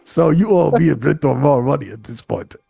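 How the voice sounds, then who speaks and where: A man's voice: a little high, fairly quick, creaky, heavy background noise. A man playing a tabletop game, pushy and haggling, repeating himself. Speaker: player. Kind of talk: tabletop role-play chat.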